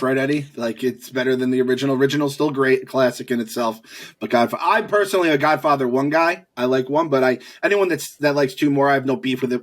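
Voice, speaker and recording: A man co-hosting a podcast in loose, casual chat, swearing freely and laughing often. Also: medium pitch. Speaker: podcast co-host.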